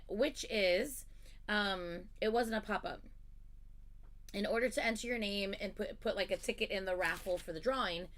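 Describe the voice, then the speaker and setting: A woman's voice: mid-range voice, a bit bright. A woman hosting a livestream, chatting casually and animatedly as she tells a story, swearing freely. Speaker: livestream host.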